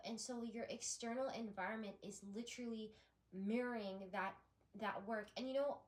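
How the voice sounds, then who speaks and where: A woman doing a spiritual tarot reading, talking in a rambling, effusive way with frequent restarts. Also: fairly high pitch. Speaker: tarot reader.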